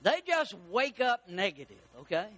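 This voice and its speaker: A man preaching a sermon as pastor, animated and rising to shouts for emphasis. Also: high voice, moderate pace.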